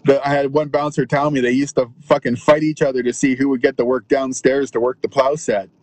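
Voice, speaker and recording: A man's voice: mid-range voice, little pitch movement, a little fast, a little mellow, poor audio. A man, a touring punk musician, telling profane, laughing stories from his car and acting out other people's lines. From Canada. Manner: profane, laughing anecdotes with voiced quotes. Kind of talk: casual storytelling chat.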